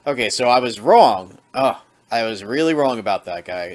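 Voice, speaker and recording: A man's voice: medium pitch, animated, moderate pace, a little hiss or hum. A man giving casual vlog commentary, chatty and sarcastic, correcting himself as he goes. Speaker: video blogger.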